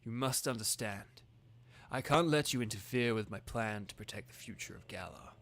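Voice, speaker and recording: A man's voice: fairly low pitch, moderate pace, fairly bright tone, pitched below the performer's own voice. A man reading a zealous middle-aged businessman villain aloud, in a solemn, self-justifying voice. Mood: solemn, grandiose.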